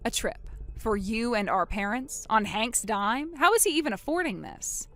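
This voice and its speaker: A woman voicing a quiet, coldly calm older sister. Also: moderate pace. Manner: low, subdued, cold.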